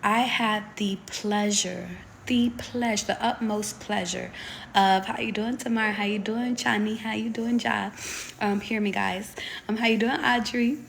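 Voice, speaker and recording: A woman's voice: fairly high pitch, steady tone, moderate pace, creaky, a little hiss or hum. A young woman, a tarot reader, talking casually on a live stream, rambling with lots of ums and the odd swear.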